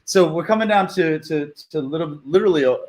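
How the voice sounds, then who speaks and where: A man co-hosting a virtual summit, interviewing a guest over a video call in an excitable, cheering way. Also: a little high. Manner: excitable, quick to cheer and laugh. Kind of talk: casual enthusiastic interview.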